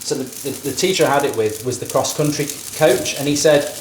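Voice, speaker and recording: In his thirties, this man talks fairly quickly in a fairly high voice, with reverb and a faint hiss or hum on the recording. He's a vlogger cooking on camera in his home kitchen, chatting casually and rambling through jokey, opinionated rants while frying sizzles in the background.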